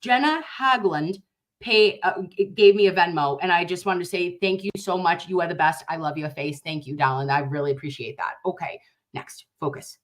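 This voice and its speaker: A young woman hosting a casual reaction commentary, emphatic and animated, talking straight to her viewers. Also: fairly low pitch, normal speed. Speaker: commentary host.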